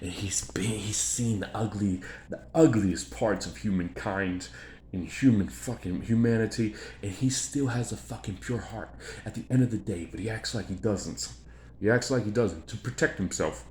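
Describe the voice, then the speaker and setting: A man's voice: on the low side, moderate pace, a little mellow. A man in a rambling, profane, repetitive monologue about himself, often repeating phrases for emphasis. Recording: echoey room, faint background noise.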